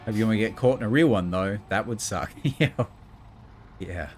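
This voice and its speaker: A man's voice: on the low side, moderate pace, soft background music. A man, joking and rambling casually while he streams a game. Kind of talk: casual gaming commentary.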